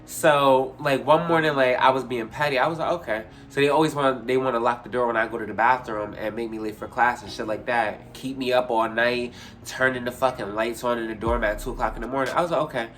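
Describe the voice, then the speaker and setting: A young man casually telling a story, profane and animated, jumping high in pitch when he acts out scenes. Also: fast, faint music behind. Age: young adult. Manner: animated, profane, retells with big pitch jumps.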